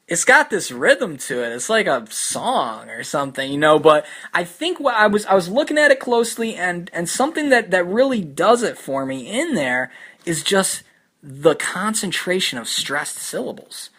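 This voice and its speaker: A young man talks through poems in a loose, thoughtful way, full of fillers and restarts. His voice is bright and clear, and he slows down to read lines aloud. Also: high voice, very animated. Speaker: podcast host discussing poetry. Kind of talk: casual spoken commentary with poetry readings.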